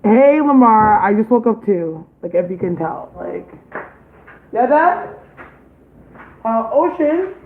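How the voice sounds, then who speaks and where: Young woman, casual home vlogger, high voice, profane and rambling; tinny phone-like audio, echoey room, faint hiss. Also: very animated, takes it slowly, long pauses. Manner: loose and profane, heavy on "like". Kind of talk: casual vlog chat. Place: home kitchen.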